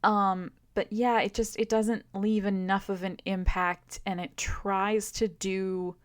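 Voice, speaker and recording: A woman co-hosts a podcast and lays out her opinion in a measured way. Her voice sits at a middle pitch for a woman, and she talks casually. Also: little pitch movement, clean tone. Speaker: podcast co-host. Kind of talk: casual chat.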